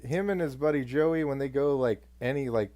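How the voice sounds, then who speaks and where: A man's voice: medium pitch, mellow. A man co-hosting a podcast, chatting casually and laughing along. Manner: laughs along, quick affirmations. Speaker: podcast co-host. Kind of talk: casual chat.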